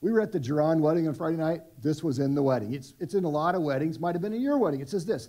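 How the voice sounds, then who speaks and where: A man's voice: fairly high pitch, animated, quick pace, few pauses, mellow. A middle-aged man preaching a sermon at a church service, conversational and self-deprecating, with many restarts. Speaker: pastor.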